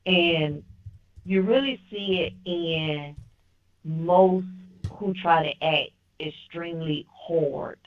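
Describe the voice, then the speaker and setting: Brief: female caller, slow and opinionated, muffled phone sound. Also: lowish voice. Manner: firm, opinionated, restarts often. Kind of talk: casual call-in phone talk. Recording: dull lo-fi phone line.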